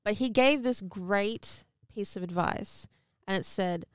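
A woman's voice: mid-range voice, slow pace, clean tone, no room sound, studio quality. A young woman, an actor being interviewed, chatting candidly and casually with some swearing. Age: young adult. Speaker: guest actor.

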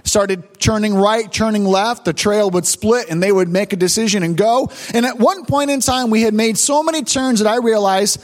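A man's voice: high-pitched, normal speed, hardly any pauses. A man preaching a sermon, retelling a childhood story with emotional repetitions and stammers. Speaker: pastor.

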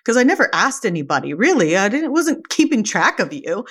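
A woman's voice: medium pitch, very animated, a little fast, fairly bright tone, breathy edge. A woman guest on a podcast, telling a story in a casual interview and acting out the quotes with animation.

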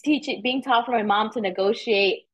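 Animated woman telling stories in an interview. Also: a little high, moderate pace, highs cut off. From United States. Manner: animated storytelling, swears casually. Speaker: realtor guest. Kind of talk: casual interview chat.

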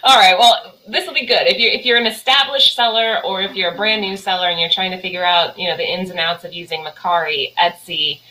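Female podcast host, chatty, bright voice, hint of background noise. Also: fairly low pitch, brisk, few pauses, poor audio. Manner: chatty, playful, slips into joke accents. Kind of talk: casual chat.

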